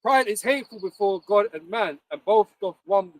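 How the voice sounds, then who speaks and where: A man in casual chat who reads scripture verses aloud quickly. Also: high voice. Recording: distant mic.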